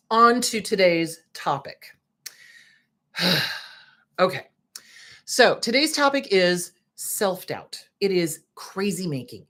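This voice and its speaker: A woman therapist hosts a talk show, commenting straight to camera in a blunt, indignant way and swearing freely. Her voice is mid-range and a bit bright.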